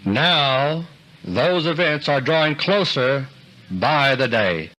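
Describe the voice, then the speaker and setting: A man delivering a scripted political commentary monologue in an earnest, deliberate way, slowing down for emphasis. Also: mid-range voice, lively intonation, sharp tone, poor audio. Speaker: commentator delivering a recorded audio letter.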